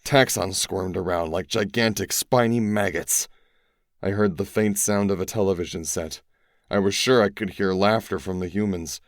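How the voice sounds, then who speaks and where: Deep-voiced male narrator, grave and measured, dry close read. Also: no room sound. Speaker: audiobook narrator. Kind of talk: first-person scripted narration.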